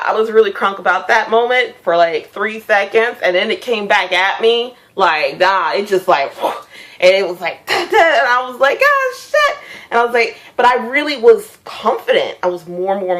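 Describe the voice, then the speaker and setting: A young woman casually telling a dream story to her viewers, animated, swearing freely and laughing as she acts out sounds. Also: mid-range voice, moderate pace.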